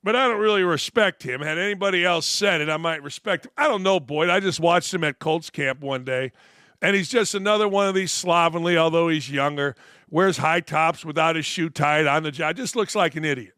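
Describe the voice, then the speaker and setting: A brash man in his sixties hosting an opinionated sports talk show, rambling and animated. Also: a little high, a little fast, no room sound, studio quality.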